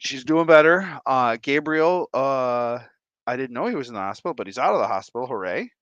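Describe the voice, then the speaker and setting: A man from Michigan hosting a livestream, giving goofy, playful shout-outs to his viewers. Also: mid-range voice, expressive, dry recording, lo-fi sound. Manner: playful and goofy, drawn-out silly repetitions. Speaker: livestream host.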